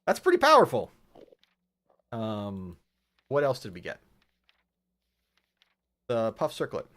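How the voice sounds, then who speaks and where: A man's voice: mid-range voice, huge pitch swings, slow, fairly bright tone. A man streaming a video game from home, chatting casually and thinking aloud with many fillers. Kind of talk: casual gameplay chat.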